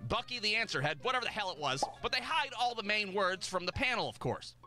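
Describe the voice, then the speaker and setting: A man co-hosting a reaction video, telling things in an animated, profane way. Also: sits high, quick pace, over loud music. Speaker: co-host reacting to clips. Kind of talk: casual reaction commentary.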